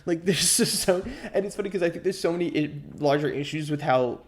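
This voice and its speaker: Podcast co-host, male, slightly higher voice, opinionated, loose and chatty. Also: a little fast. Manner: opinionated, with many fillers and restarts. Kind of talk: casual podcast chat.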